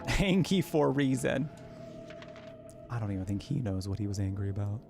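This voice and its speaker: A man's voice: lowish voice, expressive, moderate pace, creaky, over music. A man from Arizona chatting casually while he plays a game, rambling and cooing at his cat now and then. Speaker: gaming streamer.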